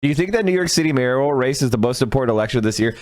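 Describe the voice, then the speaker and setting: A man's voice: medium pitch, expressive, racing, darkish tone, no echo. A man giving blunt, profane political commentary on a livestream.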